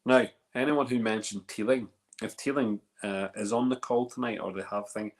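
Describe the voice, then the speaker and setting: A man's voice: lowish voice, fairly even intonation, moderate pace. A Northern Irish man hosting a whisky festival live stream, chatting casually and rambling, often repeating words. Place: live video call.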